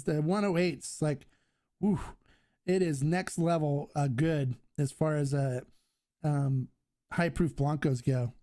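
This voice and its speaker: Upbeat high-voiced man hosting live Q&A. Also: a little mellow. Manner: casual, enthusiastic, frequent fillers and restarts. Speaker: host. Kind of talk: live-stream Q&A chat.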